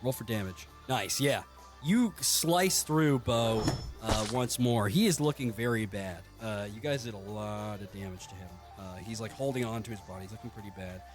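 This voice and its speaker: A man's voice: on the low side, normal speed, music in the background. A man running a tabletop game as game master, narrating in a rambling way full of fillers and laughs.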